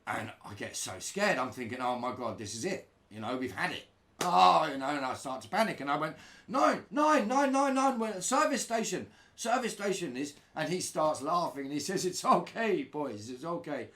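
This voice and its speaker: A middle-aged man casually telling a road-trip anecdote, acting out other people's voices. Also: medium pitch. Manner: animated, acts out broken-English voices of others. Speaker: storyteller recalling touring life.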